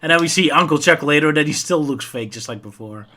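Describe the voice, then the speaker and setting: A man's voice: a little high, lively intonation, fast talker, sharp tone. A man co-hosting a casual podcast, joking and trailing off at the ends of phrases. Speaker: podcast co-host.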